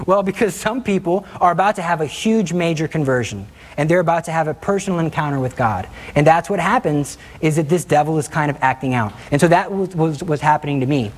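A man's voice: fairly high pitch, fairly quick, few pauses. A young man giving a spoken faith talk, telling a personal story and acting out quoted voices with animation. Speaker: Catholic speaker.

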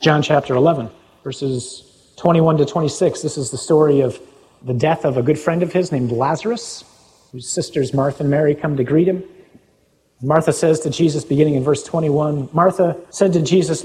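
A man preaching a sermon, reading scripture aloud and commenting on it with wry, animated asides. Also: on the high side, moderate pace. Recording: long hall reverb.

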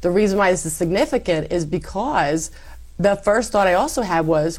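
A woman guest telling her faith story in an interview, animated and acting out her past self. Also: lowish voice, moderate pace. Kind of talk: personal faith testimony.

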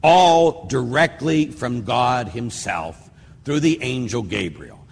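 An older man, a Catholic priest, giving a casual, rambling teaching talk that slows down whenever he recites prayers. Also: medium pitch, expressive, creaky, slightly rough. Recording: hall reverb with faint ambient noise.

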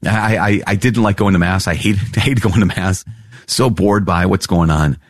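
A man hosting a podcast, reading and reflecting on catechism paragraphs with earnest, animated storytelling. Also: sits low, moderate pace, no echo, studio quality. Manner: earnest, animated storytelling with laughs and repeated phrases. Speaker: priest podcast host.

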